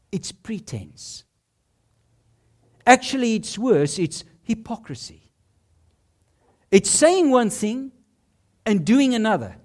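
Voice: mid-range voice, a little mellow. A preacher delivering a sermon in an emphatic style, asking rhetorical questions and landing points in short, punchy phrases.

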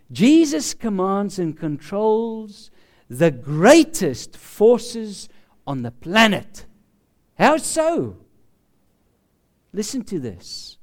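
A man preaching a sermon, slow and emphatic, often dropping to a hushed voice for effect. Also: extremely high pitch. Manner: slow, emphatic preaching with dramatic drops to a hush.

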